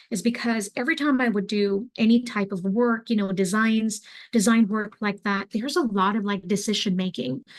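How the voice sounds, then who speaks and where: A young adult woman teaching an online craft class, talking in a relaxed, chatty way with lots of fillers as she demonstrates. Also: mid-range voice. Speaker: craft instructor.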